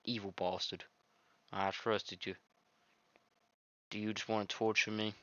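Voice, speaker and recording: A man voicing a heartbroken, betrayed young woman who speaks in a quiet, hurt, accusing way. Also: fairly low pitch, little pitch movement, unhurried, dry recording, muffled recording. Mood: bitter.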